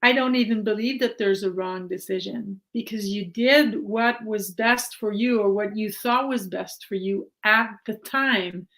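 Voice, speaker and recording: A middle-aged woman, a mindset coach, talking reflectively as a podcast guest, animated at times, with frequent restarts. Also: mid-range voice, unhurried, few pauses, rough recording. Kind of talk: casual conversation.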